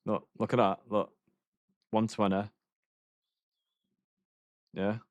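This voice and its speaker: A man's voice: fairly low pitch, level tone, slow, no room sound. A man streaming a game, telling rambling stories in casual chat, swearing often and laughing between lines.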